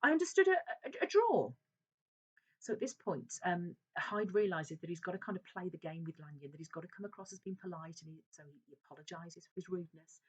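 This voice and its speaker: Husky-voiced woman teacher explaining a novel. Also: on the low side, fairly even intonation, quick pace, few pauses. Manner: hesitant, with many fillers and restarts. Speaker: English teacher. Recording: dull lo-fi recording.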